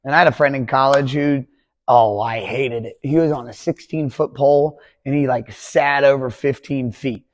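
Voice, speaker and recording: Twenty-something male coach, mid-pitched, chatty and jokey, dry room. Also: fairly even intonation, moderate pace, no room sound. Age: 20s. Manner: rambling, conversational, jokey. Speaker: pole vault coach. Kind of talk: casual podcast talk.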